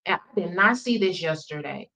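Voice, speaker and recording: A woman's voice: fairly low pitch, animated, moderate pace, pushed and bright, recorded from a distance, rough recording. A woman hosting a reaction channel, talking casually to her viewers with incredulous exclamations. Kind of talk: casual commentary.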